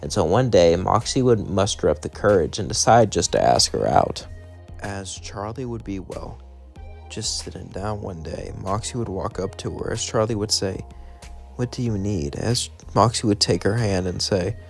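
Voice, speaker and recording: A man's voice: deep voice, expressive, moderate pace, gravelly, faint music behind. A man casually narrating a fan story in a rambling, hesitant way. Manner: rambling, hesitant with "well" and "as then".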